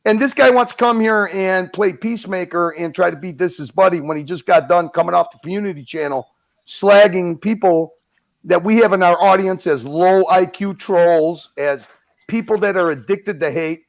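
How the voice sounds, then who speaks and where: A man speaking on a livestream in a forceful, lecturing way, swearing as he makes his point. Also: high-pitched, moderate pace, creaky. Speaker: livestream guest. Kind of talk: heated livestream commentary.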